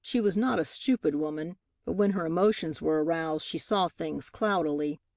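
Woman reading an old novel aloud, low voice, dry close sound. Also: no room sound. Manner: measured, expressive storytelling. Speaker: audiobook narrator. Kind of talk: scripted narration.

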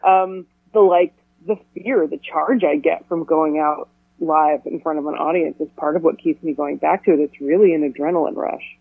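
A woman speaking as an actor guest in a casual interview, chatty and playful with quick asides. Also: low voice, fairly even intonation, vocal fry, slightly rough, dry recording. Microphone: telephone. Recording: tinny dry phone line.

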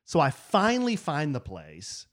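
A man's voice: a little high, measured pace. A man co-hosting a podcast, telling a story in casual chat and acting out what people said to him. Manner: animated, acts out other people's lines in quotes. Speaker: podcast co-host.

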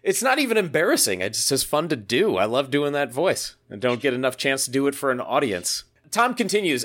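A man's voice: mid-range voice, sing-song, fairly quick, few pauses, a bit bright. A man hosting a podcast in casual chat, upbeat and jokey, reading listener mail aloud. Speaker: podcast host.

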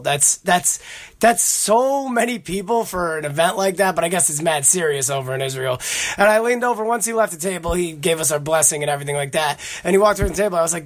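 A man's voice: fairly high pitch, expressive, fast talker. A man hosting a podcast, telling rambling, profane stories in casual chat. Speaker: podcast host.

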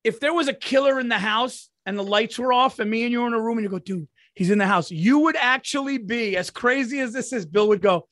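A middle-aged man with a high-pitched voice co-hosts a podcast in loose, profane chat that breaks into laughter. The sound is dry and close, with no room echo. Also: a little fast, hardly any pauses, fairly bright tone. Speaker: podcast co-host. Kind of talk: casual podcast chat with ad read.

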